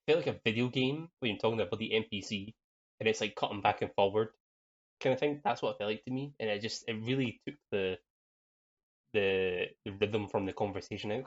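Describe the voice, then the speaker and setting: A man co-hosting a podcast, chatting in a rambling, hesitant way and laughing often. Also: fairly low pitch. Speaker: podcast co-host. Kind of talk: casual film review chat. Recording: dull lo-fi sound.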